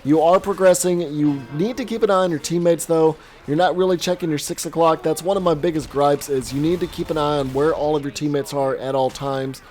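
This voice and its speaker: Slightly strained high-ish male gameplay commentator. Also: faint music behind. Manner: animated, quick reactions, self-deprecating asides. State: voice strained from long recording. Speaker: host giving gameplay coaching commentary. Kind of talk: casual commentary over gameplay footage.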